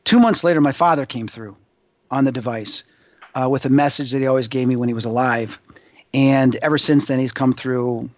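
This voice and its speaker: A male guest telling an excitable, rambling story as a paranormal investigator, acting out other people's voices. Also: mid-range voice, a little fast, dry recording, dull audio. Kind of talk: animated anecdote storytelling.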